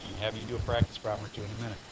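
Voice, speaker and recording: A man's voice: fairly low pitch, flat delivery, very fast, noisy background. Joking man teaching a math class. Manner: chatty, joking asides between explanations. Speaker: high school math teacher. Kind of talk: classroom lecture.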